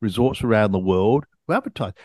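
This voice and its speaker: This is a middle-aged English man co-hosting a casual podcast. His voice is low and relaxed, and he chats easily while poking fun at himself. The recording is dry, with no room sound. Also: brisk, dry recording. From England. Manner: easygoing, chatty, self-deprecating. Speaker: podcast co-host. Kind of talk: casual chat.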